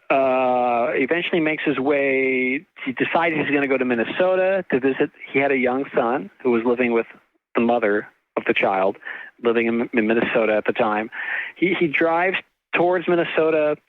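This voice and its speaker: A middle-aged man from California tells a winding story, full of fillers, restarts and quick laughs. His voice sits a bit high for a man. It comes through a dry, tinny line with a phone-like sound. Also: dry recording. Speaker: author and guest. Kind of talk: casual storytelling interview.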